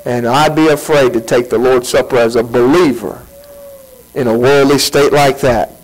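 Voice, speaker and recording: A man preaching a sermon as pastor, animated, asking rhetorical questions and leaping in pitch. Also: normal speed, poor audio.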